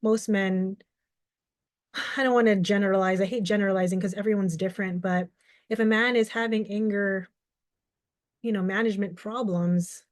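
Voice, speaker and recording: With medium pitch, fairly even intonation and a moderate pace broken by long pauses, a young woman advocating for mental health reflects earnestly on video. She explains her outlook through everyday examples and dramatizes brief quoted exchanges; the studio-quality recording has no echo.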